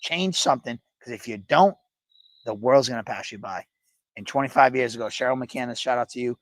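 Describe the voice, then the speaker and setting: A man in his forties telling a story on a casual panel show, animated and swearing freely. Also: mid-range voice, brisk, dry recording. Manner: animated, swears freely, acts out quoted voices.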